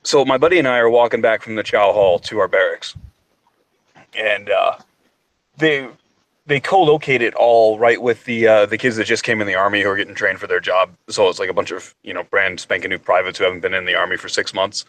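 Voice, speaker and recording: A man's voice: on the low side, steady tone, a little fast, a bit bright, no room sound. A man who is an Army sergeant telling a wry, profane anecdote in casual chat.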